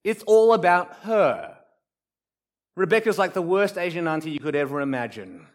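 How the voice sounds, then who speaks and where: A man preaching a sermon, animated, acting out quotes and dropping to soft emphasis. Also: high-pitched, normal speed. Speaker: pastor.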